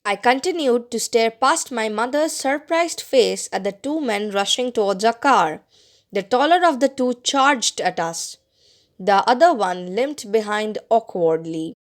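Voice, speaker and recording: A woman narrating a story as an audiobook reader, expressive and bringing out the dialogue. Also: a little high, unhurried.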